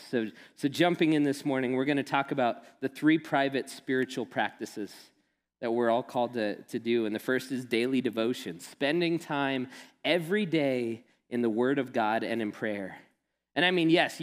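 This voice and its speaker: A man giving a sermon, telling stories and mixing in casual humor. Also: medium pitch. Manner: storytelling, animated and laughing when quoting friend. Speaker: pastor. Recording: long hall reverb.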